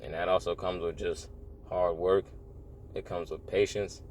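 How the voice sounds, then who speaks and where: A man's voice: low voice, flat delivery, a little slow, a little mellow, a little hiss or hum. A man giving a casual, earnest spiritual monologue, rambling and repeating phrases, often saying "bro". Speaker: religious vlogger.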